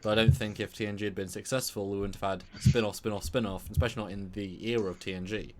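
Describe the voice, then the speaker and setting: A man's voice: lowish voice, steady tone, quick pace, a little hiss or hum. A man co-hosting a live-stream chat who rambles and repeats words as he thinks aloud. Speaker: co-host.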